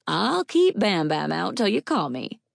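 A woman voicing an elderly neighbor woman, fond and gruff, with a slow, affectionate way of talking. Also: medium pitch, big pitch swings, no echo, studio quality, voice pushed up, heavily acted.

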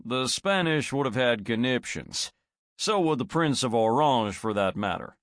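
A laid-back man drawls his words with dry humor, as voiced by a male audiobook narrator. The delivery is unhurried and the recording dry. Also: mid-range voice, expressive, fairly bright tone, no room sound. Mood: drawling.

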